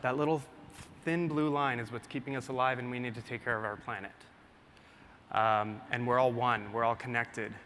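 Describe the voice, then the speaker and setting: A young man, a photographer, telling an excited and emotional story to a live audience, getting choked up as he talks. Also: medium pitch, normal speed. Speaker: photographer presenting his work. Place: large hall with a live audience. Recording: long hall reverb, faint room noise.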